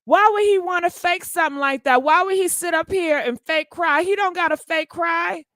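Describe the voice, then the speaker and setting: Gossip host, woman, high voice, dry close mic, exclaiming and chatty. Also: moderate pace, fairly bright tone, no echo. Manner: exclaiming, talks straight to viewers. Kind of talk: live-stream gossip commentary.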